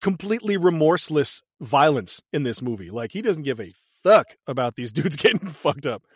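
A man with a high, light voice recaps a movie in loose, profane chat, laughing often. The sound is close and dry, with no room around it. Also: normal speed, breathy edge, no echo. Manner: laughing, profane, animated retelling. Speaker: podcast co-host.

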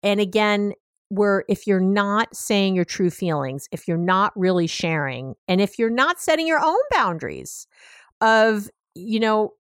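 A woman's voice: mid-range voice, animated, unhurried, dry recording. Chatty woman therapist, dry close sound. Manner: chatty and direct, many "you know" fillers; acts out clients' and partners' voices. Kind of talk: podcast advice talk.

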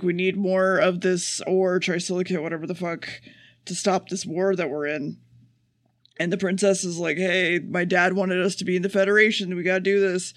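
Podcast co-host, man, high-pitched, dry close sound, sarcastic swearing recap. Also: a bit bright, no room sound. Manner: profane, sarcastic, rapid plot summary. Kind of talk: casual chat, episode recap.

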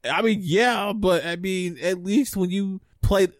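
A man co-hosting a podcast in casual chat, teasing with deadpan jokes and steering the topics. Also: high voice, a little slow, no room sound, studio quality. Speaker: podcast co-host.

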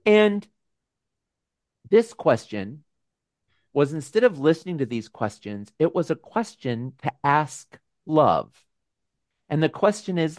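A man hosting a casual video call with his members, talking in a gentle, musing way with frequent restarts. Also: on the high side, big pitch swings, takes it slowly, long pauses, no room sound, clean studio sound. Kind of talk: casual reflective talk.

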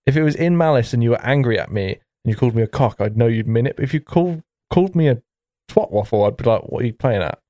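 A young man hosts a casual comedy podcast in an animated voice that swings up and down as he tells silly stories. His sound is close and dry, and he giggles between thoughts. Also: medium pitch, fast talker, dry recording. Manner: giggly, rambling storyteller. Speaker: podcast host setting the questions.

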